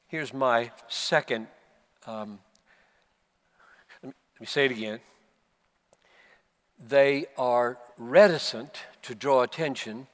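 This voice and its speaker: A man in his seventies with an American accent, preaching a sermon at a conference and swinging from low, quiet stretches up to emphatic, passionate peaks. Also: big-room sound. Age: 70s. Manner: impassioned, surging to emphatic peaks then dropping low. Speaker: pastor. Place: conference hall.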